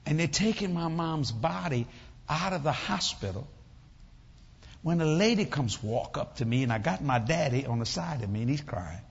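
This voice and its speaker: A man preaching a sermon, telling a family story in an animated, comic way. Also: fairly high pitch, normal speed, vocal fry, breathy edge, long reverb tail, dull audio.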